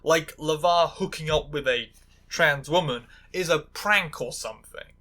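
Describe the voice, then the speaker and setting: A woman's voice: low voice, a little slow, a bit bright. A woman giving sarcastic video essay commentary, full of stammering restarts and angry asides.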